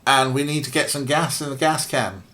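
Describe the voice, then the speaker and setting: A man's voice: medium pitch, moderate pace, pushed and bright. A man casually playing a point-and-click game, reading its text aloud with wry, self-mocking remarks. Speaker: let's play streamer.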